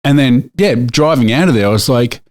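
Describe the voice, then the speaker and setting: With a medium-pitched, darkish voice, this expressive Australian man in middle age keeps a brisk pace. As a podcast co-host, he tells a meandering story in casual conversation, stumbling through fillers and restarts.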